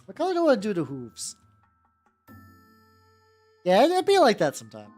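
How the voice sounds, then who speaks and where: With wildly swooping pitch in a mid-range, slightly mellow voice, a VTuber talks at normal speed while painting miniatures on a live stream. Their chat with viewers is casual, rambling and profane, frequently restarted mid-sentence, with faint background music.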